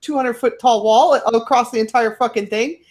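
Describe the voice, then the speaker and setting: A woman's voice: a little high, brisk, over a noisy crowd. A woman in casual livestream banter, blunt and emphatic, repeating words to push her point.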